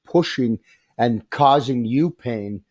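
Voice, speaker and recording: Dark-voiced man hosting a podcast. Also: mid-range voice, no echo. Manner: sympathetic, speaks in halting restarts. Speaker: podcast host. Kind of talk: interview conversation. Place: retreat venue.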